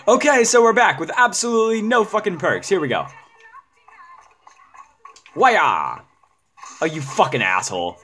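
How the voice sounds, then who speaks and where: A man giving let's-play gaming commentary, ranting and swearing, often bursting into yells. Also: medium pitch. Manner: profane, ranting, bursts into yelling. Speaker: gamer.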